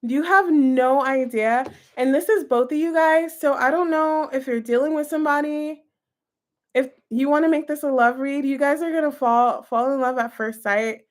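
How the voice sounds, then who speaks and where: A young woman with a high voice gives a casual tarot reading. She talks in a gushing, chatty way, speaking straight to her viewers. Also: normal speed. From United States. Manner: gushing, chatty, full of "like" and "you guys". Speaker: tarot reader.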